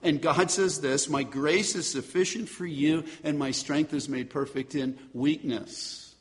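Male pastor, slightly high voice, emphatic sermon with rhetorical questions, long church-hall reverb. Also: fairly even intonation, a little slow.

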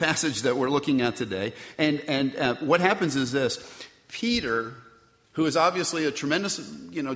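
A middle-aged man preaching a sermon in a loose, conversational manner, often turning to his listeners with questions. His voice sits a touch high for a man. It rings out with a long reverb in a large church hall. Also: a bit bright. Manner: conversational preaching with rhetorical questions and acted-out quotes. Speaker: pastor. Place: church sanctuary.

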